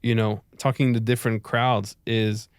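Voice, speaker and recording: A man's voice: lowish voice, little pitch movement, moderate pace, smooth, no room sound, studio quality. A young man with a French accent, a stand-up comedian telling stories in a casual podcast chat and acting out the people he quotes. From France. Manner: storytelling, acts out quoted voices.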